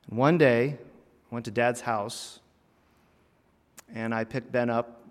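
A man preaching a personal sermon in a church, earnest, rising to emphatic lines and dropping to hushed, heavy phrases. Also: lowish voice. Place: church sanctuary. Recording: long reverb of a church hall.

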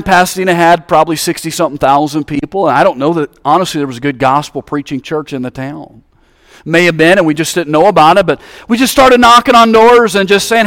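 A man from Alabama, USA, with a Southern American accent preaches a sermon, calling out to the congregation as his fervor rises into high-pitched exhortation. His voice is a bit bright, and the clean studio recording has no room sound.

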